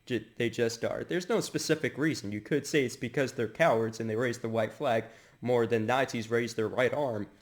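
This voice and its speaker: A man's voice: mid-range voice, normal speed. A man giving joking commentary asides in a mock-serious, self-mocking way.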